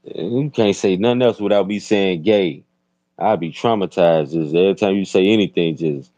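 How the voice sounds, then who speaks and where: A man with a Chicago accent hosting a casual livestream chat, telling stories in a loud, profane way. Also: deep voice, normal speed, dry recording, highs cut off. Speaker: host.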